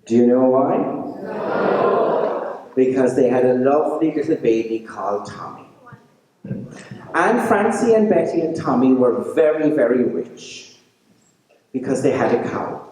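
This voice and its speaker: An Irish man spinning a comic tale live, playful and full of teasing asides. His voice swings widely in pitch and sounds soft and mellow. It echoes through a large hall, picked up from a distance. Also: lively intonation, unhurried, pauses often. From Ireland. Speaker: storyteller. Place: community centre hall. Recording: echoey hall, heard from far off.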